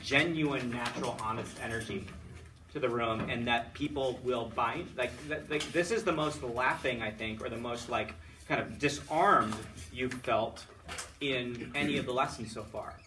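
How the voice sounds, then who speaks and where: A man's voice: mid-range voice, normal speed. A male choral conducting teacher talks a student through feedback in an upbeat, rambling way, sometimes chanting rhythm words to show a point. He sounds a bit far from the mic, with a faint hiss in the room. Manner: chatty, upbeat, full of fillers and restarts; sings solfege and chants rhythm words to demonstrate. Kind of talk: feedback after a student lesson.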